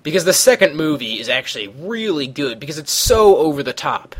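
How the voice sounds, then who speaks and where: A man's voice: on the high side, sing-song, a little fast, breathy edge. A man hosting a casual podcast, rambling and swearing freely as he jumps from one tangent to the next. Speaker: podcast host.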